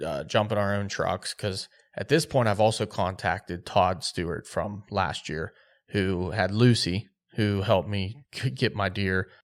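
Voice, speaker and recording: A man telling a hunting story on a podcast, animated and acting out quotes. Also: sits low, unhurried. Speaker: podcast host.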